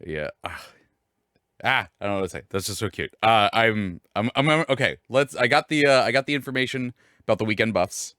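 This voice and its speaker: Guy hosting a live stream, all over the place pitch-wise, keeps restarting and putting himself down. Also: animated, fairly quick, fairly bright tone, no room sound, studio quality. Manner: self-deprecating, rambling with many restarts. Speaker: fill-in stream host. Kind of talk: casual live-stream chat.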